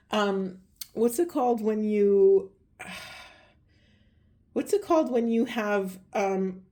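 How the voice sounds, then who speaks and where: A woman with a mellow, soft-edged voice gives a spiritual card reading. She wanders from thought to thought and reaches for words with plenty of fillers, and her voice is getting slightly hoarse. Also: mid-range voice. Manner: meandering, searching for words with many fillers. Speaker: tarot reader.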